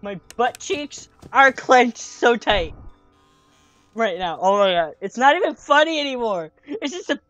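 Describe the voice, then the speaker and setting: A woman's voice: a little high, lively intonation, unhurried, fairly bright tone, dry recording, faint music behind. A woman commentating a horror game she is playing, jumpy, screaming and swearing when startled. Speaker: let's play gamer.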